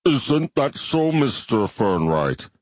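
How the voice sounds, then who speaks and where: Guy doing a big pedantic alien clam, super slow and correct, odd hollow-ish tone, husky. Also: medium pitch, very animated, no room sound, pitched above the performer's own voice. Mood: lecturing. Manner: slow, precise, lecturing. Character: large pedantic alien bivalve with pseudopodia.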